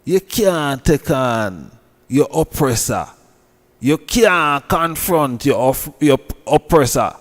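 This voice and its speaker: A man's voice: medium pitch, animated, takes it slowly, in a large hall. A man with a Jamaican accent who scolds and preaches in a heated commentary rant, repeating himself. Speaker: online commentator.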